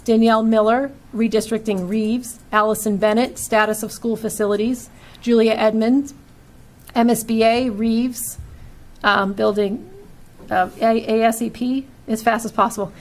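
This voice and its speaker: A woman's voice: on the high side, fairly even intonation, moderate pace. Woman chairing a meeting, Boston-area accent. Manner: reads a long list of names and topics, with small stumbles. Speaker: school committee chair. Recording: light background noise.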